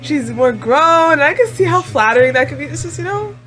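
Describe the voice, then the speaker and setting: A woman's voice: high voice, brisk, soft background music. A woman chatting through a casual anime reaction video, talking expressively with lots of "like" and frequent laughs. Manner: chatty and expressive, heavy use of "like"; laughs often, exclaims at the screen.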